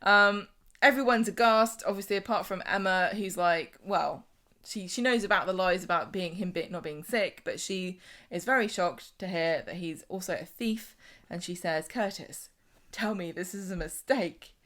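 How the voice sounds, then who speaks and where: A woman's voice: fairly low pitch, moderate pace, bright, forceful tone. A woman co-hosting a podcast, chatting casually as she recaps a soap opera and acts out the characters' lines. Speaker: podcast co-host.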